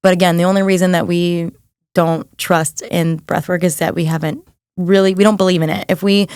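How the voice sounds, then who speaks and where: A young woman, a mindset and nervous system coach appearing as a podcast guest, talks casually and earnestly to encourage listeners, filling her speech with many "like"s. Her fairly low voice is darkish, clear, and resonant, fairly quick with little pitch movement, in clean studio sound with no echo.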